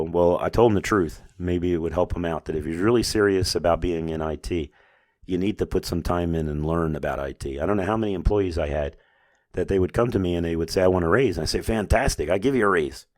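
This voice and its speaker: Low-voiced man telling a business story. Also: a little mellow, no echo, clean studio sound. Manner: anecdotal, acts out both sides of conversations. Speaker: business owner hosting a podcast. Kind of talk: casual storytelling monologue.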